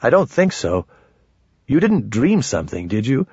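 A blunt, doubtful grown son, put on by a male narrator, brushing off worry in a husky, slightly raised voice. The recording is dry and muffled. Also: medium pitch, sing-song, moderate pace, darkish tone, no room sound, heavily acted. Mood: skeptical.

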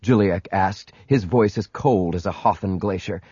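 A man reading a story aloud in scripted narration, steady, with quiet, clipped lines for the hero. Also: sits low, moderate pace, slightly rough, no echo. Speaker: audiobook narrator. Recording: dry, dull lo-fi audiobook recording.

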